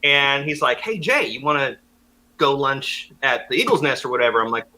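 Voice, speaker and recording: A man's voice: medium pitch, moderate pace, a loud crowd, low-quality recording. A young man co-hosting a podcast, telling a story in casual chat and acting out the voices of the people in it. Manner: animated, acts out voices and laughs often. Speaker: podcast co-host.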